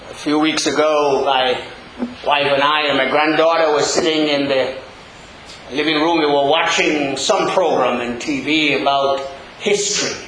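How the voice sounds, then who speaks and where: An older man preaching a funeral sermon, rising to impassioned shouts and dropping to hushed tones. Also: on the high side, steady tone, unhurried, slight background noise. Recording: very echoey hall with crowd.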